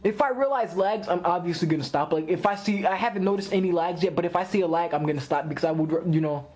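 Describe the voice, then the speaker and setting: A man hosting a live anime reaction video, excitable, laughing often and talking straight to his viewers. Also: high-pitched, fast talker.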